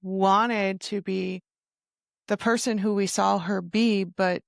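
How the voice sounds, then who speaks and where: A woman hosting a podcast interview, speaking softly and reflectively, moved by her guest. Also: mid-range voice, fairly even intonation, slow pace, creaky, no room sound, studio quality. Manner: soft, emotional, reflective. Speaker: podcast host. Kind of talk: conversational interview.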